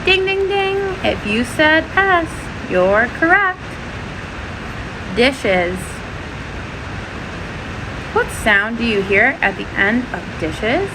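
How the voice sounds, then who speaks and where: A woman teaching a first-grade phonics lesson, sounding out letters and words slowly and clearly. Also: fairly high pitch, big pitch swings, background noise.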